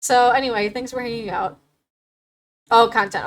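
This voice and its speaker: A woman's voice: on the high side, fairly even intonation, normal speed, rough recording. A young adult woman hosting a livestream, talking casually and animatedly, swearing and laughing often. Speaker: livestream host.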